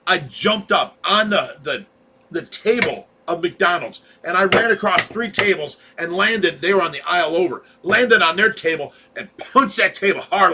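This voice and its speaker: A man's voice: sits high, expressive, normal speed, noisy background. A man hosting a livestream, telling a story in casual chat and laughing often. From Ohio. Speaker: livestream host. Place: home fish room.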